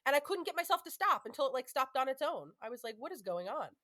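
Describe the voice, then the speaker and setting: A chatty woman in her thirties with a slightly high voice, hosting a podcast. She talks candidly and loosely, with plenty of "like" and "you know". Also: lively intonation, fast, sharp tone. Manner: chatty, candid, frequent fillers. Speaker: podcast host. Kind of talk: casual chat.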